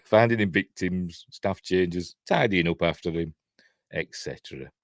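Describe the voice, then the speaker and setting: A man's voice: sits low, a little slow, dry recording, studio quality. A man with a Yorkshire accent giving a casual, rambling film commentary full of trivia asides. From Yorkshire, England. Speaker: film reviewer.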